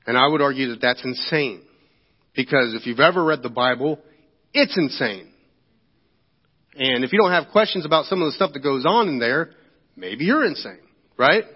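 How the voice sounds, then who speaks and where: A man preaching a sermon as pastor, talking in a conversational way and often checking in with the congregation. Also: mid-range voice. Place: church sanctuary. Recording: echoey church hall, dull lo-fi sound.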